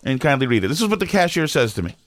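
A middle-aged man, co-hosting a podcast and telling a story in an animated, exasperated way with lots of restarts. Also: mid-range voice, rapid-fire, dry recording. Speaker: podcast co-host. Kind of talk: casual storytelling chat.

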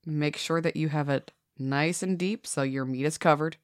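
Low-voiced sick woman hosting a podcast. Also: moderate pace, no echo, clean studio sound. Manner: playful, jokey delivery. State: sick with a sore throat. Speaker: podcast host. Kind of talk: casual podcast chat.

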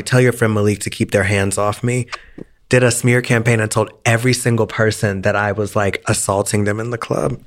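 A young man co-hosting a podcast tells a story in casual chat, with a mid-range, fairly bright voice. He's dramatic and profane and acts out the voices of the people he quotes.

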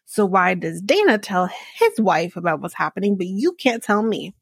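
An exasperated young woman demands answers in quick, pointed questions, as a woman puts her on. Her voice sits at a middling pitch in a dry, close space. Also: big pitch swings, vocal fry, breathy edge, no room sound, exaggerated voice. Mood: indignant.

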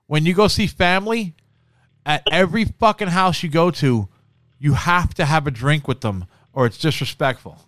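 A man's voice: fairly high pitch, moderate pace, a bit bright, dry recording, studio quality. A man co-hosting a podcast in casual, profane chat, saying bro a lot. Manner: swears constantly, says bro a lot. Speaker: podcast co-host.

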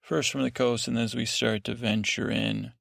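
Male sleep-podcast host, heavy vocal fry, dry close sound, slow rambling recap with lots of restarts. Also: mid-range voice, level tone, a bit bright, no room sound. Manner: meandering, digressive, with many restarts and fillers.

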